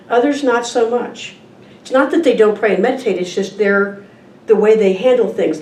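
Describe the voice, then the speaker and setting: A woman with a mellow, mid-range voice reads from a picture book during an informal church sermon, where she's appearing as a guest speaker. She keeps it conversational, putting questions to the audience. There's a little hiss or hum, plus an echoey room, distant mic and faint ambience.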